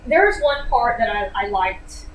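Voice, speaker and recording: A woman giving a casual book review, animated and sarcastic, with lots of filler words. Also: on the high side, a little slow. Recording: echoey room, distant mic, faint noise.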